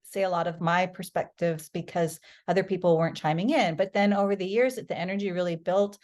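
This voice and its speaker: A middle-aged woman, a podcast guest, chatting in a casual storytelling way, lively and animated, often acting out what people said. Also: lowish voice, fairly quick. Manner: animated, lively, acts out quoted voices.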